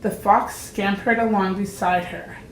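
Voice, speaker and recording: A woman reads a children's picture book aloud, gentle and deliberate. She takes her time over each line at a middle pitch. Her voice carries an echoey room sound. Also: steady tone, slight background noise. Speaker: storybook reader. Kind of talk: children's story read-aloud. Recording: roomy echo.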